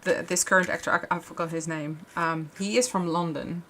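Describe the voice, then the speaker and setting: A woman with a slightly low voice talks casually while she crafts on a livestream. Her chat rambles, full of restarts and fillers, over a faint hum of background noise. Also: steady tone, a little fast, fairly bright tone.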